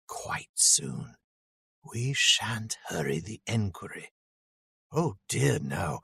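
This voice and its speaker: A man's voice: fairly low pitch, fairly bright tone, no echo, studio quality, exaggerated voice. A man reading aloud and voicing a sinister male orc who hisses out his threats. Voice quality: gravelly, hissing. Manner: silky threats that flare into snarling. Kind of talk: dramatic reading.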